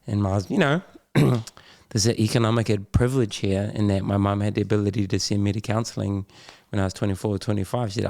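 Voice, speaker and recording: A man's voice: on the low side, steady tone, quick pace, creaky, a little mellow, dry recording, studio quality. A middle-aged man with a New Zealand accent, talking candidly and loosely as a podcast guest, with slang and laughs. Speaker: podcast guest, Muay Thai champion. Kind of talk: candid casual conversation.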